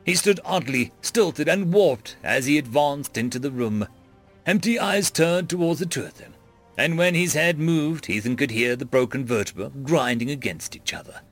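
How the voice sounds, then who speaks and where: A man narrating a fantasy story in a dramatic, expressive reading. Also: on the high side, normal speed, faint music behind.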